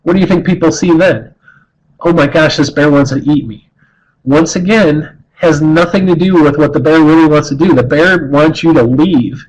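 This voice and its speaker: A man's voice: on the high side, a little mellow, low-quality recording. A middle-aged man giving an earnest, conversational talk as a wildlife educator, often restarting and repeating words as he explains. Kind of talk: informal talk on bear behavior.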